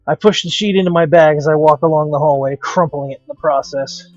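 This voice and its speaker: A man's voice: fairly high pitch, steady tone, brisk, darkish tone, no room sound, dull audio, soft background music. A man hosting a let's play, reading a visual novel aloud with dramatic, wry narration.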